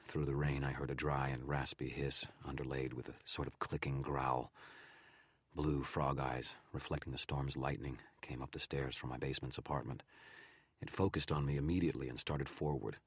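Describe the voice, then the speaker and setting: Very deep husky male narrator. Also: no echo, studio quality. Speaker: streamer reading a novel aloud. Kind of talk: audiobook narration, live stream.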